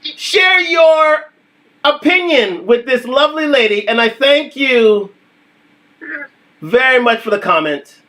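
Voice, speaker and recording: A man's voice: very high-pitched, animated, takes it slowly, bright, forceful tone. A young adult man hosting a casual livestream, talking emphatically and repeating his points. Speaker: livestream host.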